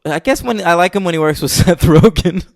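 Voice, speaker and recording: A man's voice: high voice, lively intonation, brisk, no echo, studio quality. Blunt, sarcastic male podcast host. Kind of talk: casual film podcast chat.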